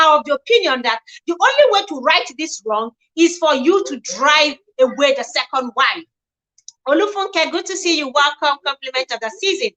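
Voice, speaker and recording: High, bright-voiced woman livestreaming. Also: poor audio. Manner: chatty, reads posts aloud and comments, greets viewers by name. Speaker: livestream host. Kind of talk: livestream gossip commentary.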